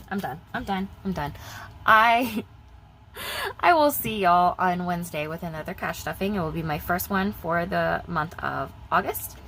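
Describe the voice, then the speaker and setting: Chatty young woman with a lowish voice. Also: fairly bright tone, slight background noise, poor audio. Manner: chatty, rambling, repeats herself. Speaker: budgeting vlogger. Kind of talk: casual vlog chat.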